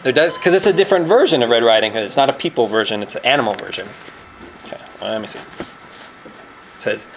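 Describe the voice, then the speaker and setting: Lively low-voiced woman reading to children. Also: brisk, pauses often, slight background noise, rough recording. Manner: lively storyteller quizzing children on vocabulary. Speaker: teacher reading to first graders. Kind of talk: reading a picture book aloud to children. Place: classroom.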